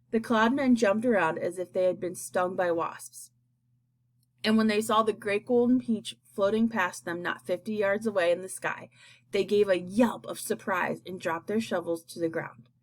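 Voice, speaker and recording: Woman, audiobook narrator, steady, expressive, storytelling. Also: fairly low pitch. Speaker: audiobook reader.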